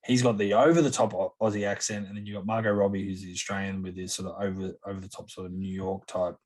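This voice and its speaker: A man's voice: low-pitched, little pitch movement, fast talker, a little mellow. A man co-hosting a podcast in easygoing casual chat, with self-deprecating asides. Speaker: podcast co-host.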